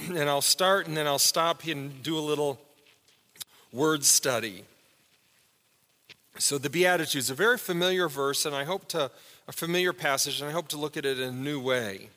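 A man's voice: on the high side, normal speed, pauses often, bright, forceful tone, big-room sound. A man preaching a sermon in a church, teaching a Bible word study in a conversational way and asking the congregation questions. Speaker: pastor. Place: church sanctuary.

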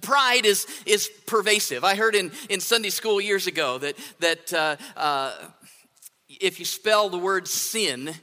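A man's voice: sits high, a little slow, sharp tone. A man preaching a sermon in a conversational way, often asking "right?" to his listeners. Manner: conversational, asks rhetorical "right?". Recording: long hall reverb.

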